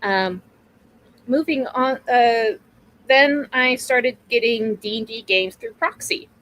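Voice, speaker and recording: A woman's voice: on the high side, takes it slowly, fairly bright tone, low-quality recording. A woman in her mid-thirties talking casually as an interview guest, rambling, laughing often and swearing freely. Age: 30s. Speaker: guest streamer.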